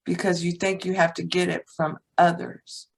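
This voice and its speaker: A woman's voice: fairly low pitch, flat delivery, normal speed, gravelly, rough recording. A woman guest, a teacher and author, telling a personal story in conversation in a blunt, frank way and swearing casually.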